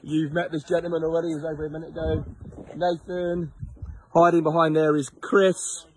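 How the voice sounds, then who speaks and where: A man's voice: a little high, level tone, a little fast, slight background noise. A man leading a charity motorbike trip, talking to his handheld phone camera outdoors on a headland, chatty and rambling, tired from little sleep. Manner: rambling, self-mocking, chatty. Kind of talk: casual vlog to camera.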